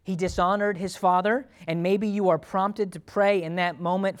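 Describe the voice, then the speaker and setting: A man's voice: high-pitched, steady tone, moderate pace, hardly any pauses, clear, resonant tone. A man, a pastor, preaching a sermon in a conversational way, asking the congregation questions and acting out thoughts and prayers aloud.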